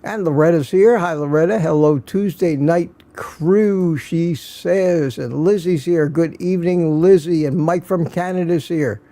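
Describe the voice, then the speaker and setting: A man's voice: on the high side, unhurried, hardly any pauses, warm tone, no room sound. An older man hosting a casual livestream, greeting viewers by name and reading their comments aloud in a folksy way. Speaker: livestream host.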